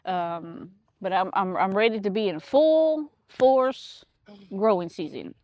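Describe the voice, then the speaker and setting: A woman's voice: mid-range voice, lively intonation, slow, darkish tone, no echo. A woman chatting casually outdoors in her garden, rambling with lots of fillers. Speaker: homesteader vlogger. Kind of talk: casual chat.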